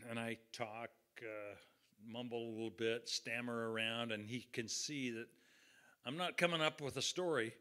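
A man's voice: medium pitch, fairly even intonation, normal speed, sharp tone. A middle-aged man preaching a sermon in a folksy, conversational storytelling way. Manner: folksy, conversational, acts out quotes. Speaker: pastor.

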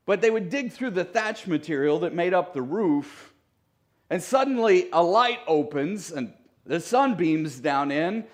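A man's voice: high-pitched, lively intonation, a little slow. Conversational man preaching a sermon. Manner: conversational, joking asides to the congregation. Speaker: pastor. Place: church sanctuary.

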